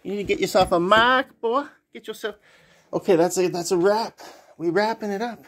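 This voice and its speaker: A man's voice: sits high, normal speed, a bit bright. A man chatting casually to his pets, switching between cooing baby talk and crude jokes. He refers to himself in the third person.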